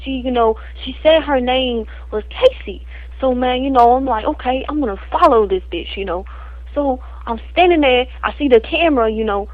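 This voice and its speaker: A woman's voice: high-pitched, moderate pace, dry recording, narrow, tinny audio, lightly acted. A woman voicing a crude, boastful street guy in an improvised comedy spoof, who rambles in slang and tacks "man" and "fool" onto every phrase.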